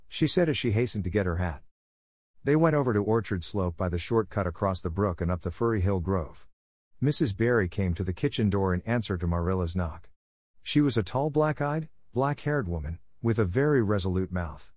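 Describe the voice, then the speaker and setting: A man's voice: fairly low pitch, no echo, studio quality. A man narrating a classic novel steadily for English learners. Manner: steady, measured reading. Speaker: audiobook narrator.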